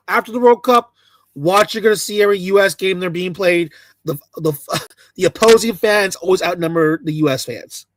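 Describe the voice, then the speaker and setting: A man's voice: high-pitched, no echo. A man ranting sarcastically to camera, mocking and repeating himself in bursts. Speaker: commentator.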